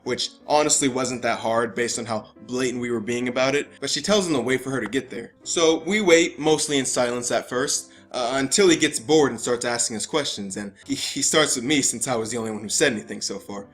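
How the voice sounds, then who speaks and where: A man's voice: mid-range voice, a little fast, few pauses, faint music behind. A young man telling a personal story in casual vlog style, often stammering and repeating himself, swearing freely and laughing as he goes. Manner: stammering, profane, laughing asides. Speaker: vlogger.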